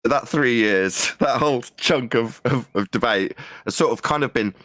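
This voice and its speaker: A man's voice: mid-range voice, normal speed, fairly bright tone, dry recording. A man chatting on a live stream with dry, sarcastic humor. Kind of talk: casual live-stream chat.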